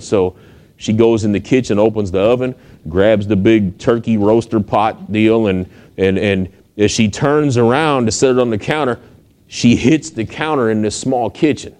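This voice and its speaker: A man's voice: on the low side, normal speed, darkish tone. A male pastor, preaching a sermon in a folksy storytelling way that builds to emphatic exhortation.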